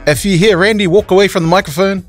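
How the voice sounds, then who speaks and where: A man's voice: high-pitched, steady tone, quick pace, dry recording, faint music behind. A man co-hosting a radio show, talking in loose, joking banter. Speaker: radio co-host.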